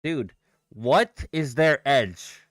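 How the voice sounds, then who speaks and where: A man's voice: mid-range voice, very slow, dry recording, clean studio sound. A young man chatting casually on a live trading stream, swearing and rambling as he reacts to chat and charts. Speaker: livestream day trader.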